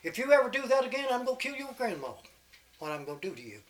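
A man's voice: extremely high pitch, very animated, fast talker, voice pushed up. A man doing a bossy rich farmer. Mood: stern. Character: rich, bossy man threatening his poor neighbor.

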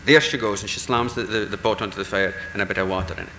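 A man telling a traditional folk tale in a lively, animated way, acting out the voices in the dialogue. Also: fairly low pitch, very fast, reverberant, long reverb tail, slight background noise, low-quality recording. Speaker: storyteller.

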